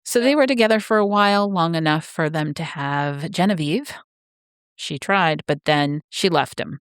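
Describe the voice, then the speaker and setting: A woman's voice: low voice, moderate pace, smooth, no room sound, studio quality. A woman co-hosting a book podcast, steadily explaining a novel's backstory in casual chat.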